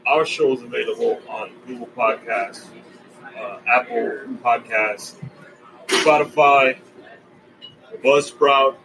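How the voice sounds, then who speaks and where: A male podcast host with a mid-range voice wraps up the show, upbeat as he offers advice and lists where to listen. A clear hum of background noise runs underneath. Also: mid-range voice, takes it slowly, long pauses. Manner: upbeat, giving advice and listing plugs. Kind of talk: podcast sign-off.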